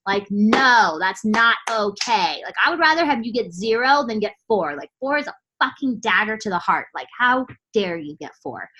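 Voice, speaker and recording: Fired-up woman coach, bright voice. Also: on the high side, expressive, moderate pace, few pauses, poor audio. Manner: fired-up, blunt, casual with swearing and many "like" fillers. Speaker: team coach leading a training. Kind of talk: motivational team training talk.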